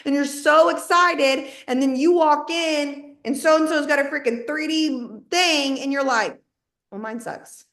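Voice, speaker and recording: A woman giving a lively motivational talk to her sales team, folksy and high-energy, often acting out what people say. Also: a little slow, few pauses. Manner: high-energy, folksy, acts out quoted voices. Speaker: network marketing team leader.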